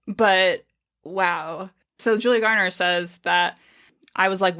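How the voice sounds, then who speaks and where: A woman's voice: fairly low pitch, slow, pushed and bright. Chatty laughing woman podcast host. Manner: chatty, laughs often, swears casually. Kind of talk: casual chat.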